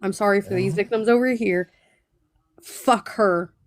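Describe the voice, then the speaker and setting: A woman's voice: mid-range voice, steady tone, a little fast, dry recording, clean studio sound. A woman co-hosting a livestream who speaks bluntly and indignantly, with heavy profanity. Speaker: livestream co-host. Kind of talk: angry livestream chat.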